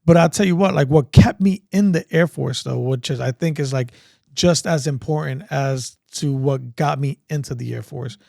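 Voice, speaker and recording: A man, telling stories in an animated, casual way and acting out dialogue. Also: a little high, moderate pace, gravelly, no room sound, clean studio sound. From Brooklyn, New York. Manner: animated, acts out dialogue, many likes. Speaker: guest, veteran. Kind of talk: casual storytelling.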